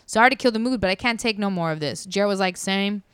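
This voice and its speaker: A woman's voice: medium pitch, quick pace, clear, resonant tone, no echo, studio quality. A woman telling a story casually and animatedly, acting out what people said. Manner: animated, acts out quotes. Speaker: podcast storyteller.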